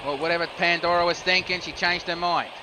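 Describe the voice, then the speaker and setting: A man's voice: high voice, steady tone, fast talker, background noise. A man doing solo play-by-play commentary of a video game wrestling match, calling each move steadily and rising sharply on near falls and reversals.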